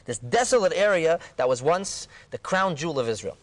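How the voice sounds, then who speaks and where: A man, a rabbi, retelling a Talmud story in a dramatic way, going from hushed to exclaiming and using Hebrew terms. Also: fairly high pitch, animated, fairly quick. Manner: peppers speech with Hebrew and Aramaic terms. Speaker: rabbi leading a Talmud discussion.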